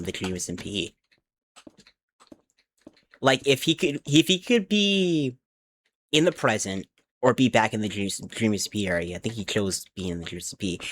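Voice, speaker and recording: A man's voice: on the low side, a little hiss or hum. Chatty young man streaming. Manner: rambling and chatty, talks to chat, counts aloud under his breath. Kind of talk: casual livestream chat while building in a game. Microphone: desk mic with headphone monitoring.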